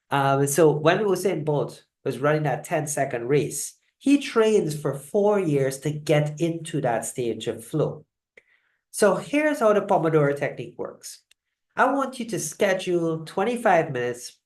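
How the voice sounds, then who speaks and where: A host running a live online talk, teaching motivational lessons and telling stories in an animated way. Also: mid-range voice. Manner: animated storyteller, shifts loudness often. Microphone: video call. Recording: roomy echoing sound.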